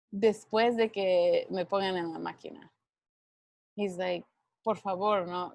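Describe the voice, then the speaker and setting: Woman, young adult, ICU doctor; heartfelt storytelling, gravelly fry, dry close sound. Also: medium pitch, no echo. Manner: earnest, emotional, quotes dialogue, many restarts. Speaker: ICU physician. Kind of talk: emotional personal storytelling to students.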